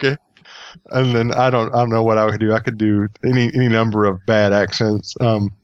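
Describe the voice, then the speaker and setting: A man's voice: on the low side, steady tone, moderate pace, clear, resonant tone, no echo. Jokey guy goofing around on a podcast, muffled lo-fi mic, dry. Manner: playful, joking, self-mocking. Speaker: podcast panelist. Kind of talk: casual tech chat. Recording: dull lo-fi audio.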